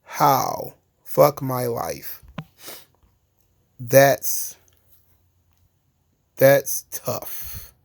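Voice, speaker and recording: A man's voice: a little high, warm tone. Man, commentary host; casual, sarcastic, profane monologue with a slightly raised voice. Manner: sarcastic, profane, laughs at own jokes.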